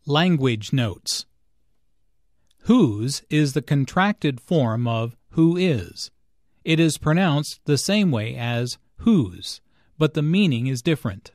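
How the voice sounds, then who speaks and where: Brief: measured male teacher voice, slow and lively in pitch, dry close studio sound. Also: no echo. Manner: careful, clearly enunciated explanations. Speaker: English lesson narrator. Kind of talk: slow scripted teaching narration.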